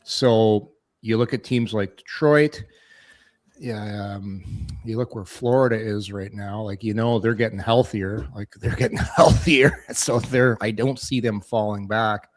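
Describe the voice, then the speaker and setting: A man's voice: fairly low pitch, measured pace. Musing male sports radio co-host. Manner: loose, musing, trails off mid-thought. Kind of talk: casual sports radio chat.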